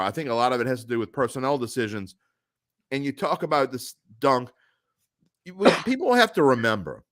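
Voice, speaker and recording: A man's voice: medium pitch, fairly bright tone, no echo, studio quality. A man co-hosting a sports podcast, giving firm, emphatic opinions on football in casual talk. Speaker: podcast co-host.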